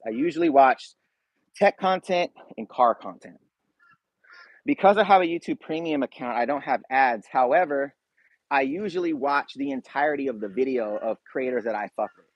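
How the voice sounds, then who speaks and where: A man's voice: medium pitch, dry recording, poor audio. A man hosting a casual livestream, chatting straight to viewers in a laid-back, slangy way. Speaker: YouTube reaction channel host.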